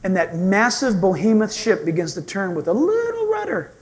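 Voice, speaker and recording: High-voiced, animated male preacher. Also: normal speed. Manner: animated, humorous storytelling. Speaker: pastor. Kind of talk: sermon.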